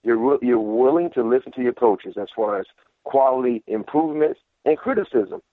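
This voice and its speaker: A man's voice: mid-range voice, animated, normal speed, dry recording. Ex football player guy calling in, phone line sound, fires up and mimics trash talk. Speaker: former pro football player turned analyst. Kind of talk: casual sports talk.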